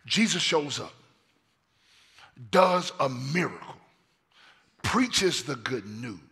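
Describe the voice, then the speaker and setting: A man preaching a lively sermon in a hoarse voice, swinging from shouts down to near-whispers and telling stories in casual slang. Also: medium pitch, slow. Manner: casual slang-laced storytelling. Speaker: pastor.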